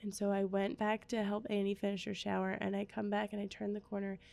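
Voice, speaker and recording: A woman in her thirties talks in a relaxed, chatty way, telling a story about her week and slipping into the voices of the people in it. Her voice has a gravelly fry running through it, and she sits at an ordinary middle pitch. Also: brisk. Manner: chatty storytelling, acts out quoted exchanges. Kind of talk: casual chat.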